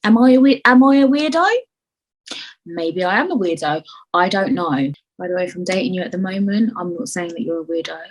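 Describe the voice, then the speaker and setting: Young woman, podcast host; husky, loose and animated, swears freely, hops between voices mid-thought. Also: lowish voice, fairly quick, rough recording. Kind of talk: casual solo podcast chat.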